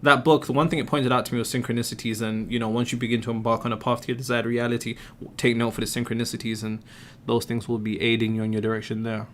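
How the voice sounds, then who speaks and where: A man's voice: mid-range voice, level tone, fast, slight background noise. Emphatic male host answering questions. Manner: emphatic, explains with rhetorical questions. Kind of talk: live stream Q&A.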